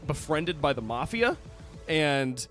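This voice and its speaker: An American man co-hosting a podcast, chatting casually and telling animated stories with acted-out quotes. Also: on the high side, slow, soft background music. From United States. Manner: animated storyteller who acts out quoted voices. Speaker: podcast co-host. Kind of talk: casual chat.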